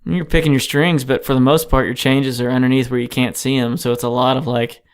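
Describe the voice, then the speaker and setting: A man's voice: medium pitch, little pitch movement, fast, clear, resonant tone. A man, a touring guitarist, chatting casually as a podcast guest in a home basement, easygoing and rambling, full of "you know" and "man". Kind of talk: casual chat.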